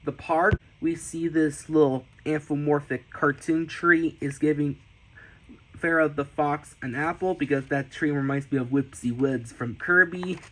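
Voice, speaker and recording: Guy flipping thru his sketchbooks, talks slow, keeps restarting, gets super excited, faint hiss behind. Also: a little high, rough recording. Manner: enthusiastic, repeats words and restarts, sudden excited squeals. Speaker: artist showing his sketchbooks. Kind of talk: casual sketchbook tour narration.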